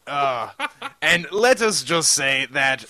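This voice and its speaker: A man's voice: a little high, expressive, takes it slowly, pushed and bright. A man hosting a casual podcast, reading listener comments, teasing his co-host and laughing often.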